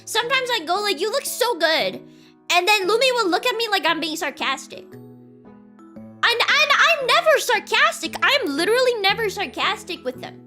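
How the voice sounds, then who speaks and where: A woman's voice: extremely high pitch, very animated, moderate pace, pushed and bright, faint music behind. A young woman streamer chatting casually and reading chat, rambling and laughing, insisting with repeats.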